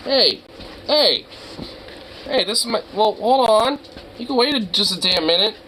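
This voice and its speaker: A man's voice: sits high, animated, a little slow, sharp tone, slight background noise, rough recording. A young man with a cold, casually talking to his dog in an exasperated, teasing way and swearing often. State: has a cold. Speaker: vlogger.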